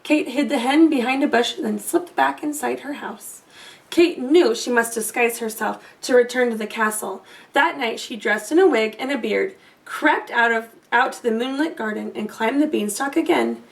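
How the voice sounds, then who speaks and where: A woman reads a children's storybook aloud with an expressive, animated delivery. Her voice sits high. She sounds a little distant from the microphone. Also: moderate pace.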